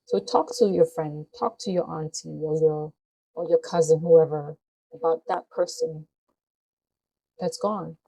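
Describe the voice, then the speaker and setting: A woman's voice: sits low, unhurried, vocal fry, dark tone, slightly rough, low-quality recording. A woman vlogger speaking to her viewers in a heartfelt, earnest way. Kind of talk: personal talk to camera.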